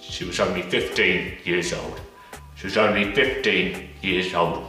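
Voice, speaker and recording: A gravelly, aging film-star voice that drags each word out slowly and cracks with feeling, as a man puts it on. It sounds distant in an echoey room, with faint music behind. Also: fairly even intonation, bright, forceful tone, exaggerated voice. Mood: choked-up. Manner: very slow, deep, voice breaking with emotion. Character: impression of an aging male film star, low and slow.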